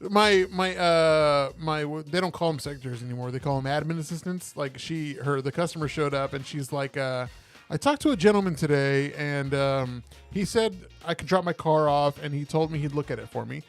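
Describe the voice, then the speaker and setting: Animated man telling stories. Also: on the high side, a little fast, soft background music. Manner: animated storyteller who acts out quotes. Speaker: podcast co-host. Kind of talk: casual chat.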